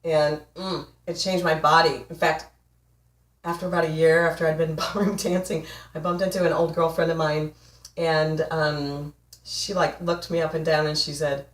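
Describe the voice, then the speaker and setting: A relationship coach in her forties gives an emphatic, playful motivational talk to camera, laughing often. Her low voice holds fairly even intonation at normal speed. She's recorded from a distance in an echoey room, her voice off mic.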